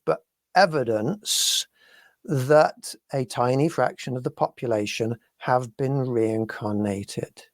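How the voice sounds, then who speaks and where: Man hosting, halting and deliberate. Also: medium pitch, no echo, studio quality. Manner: deliberate, hesitant with many fillers. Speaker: podcast co-host. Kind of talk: live-stream discussion.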